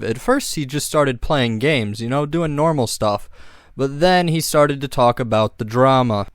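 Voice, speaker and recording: A man narrates a commentary documentary in a sarcastic, scornful, casual tone. His voice is smooth and resonant, and the recording is close and dry, with no room sound. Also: medium pitch, no room sound.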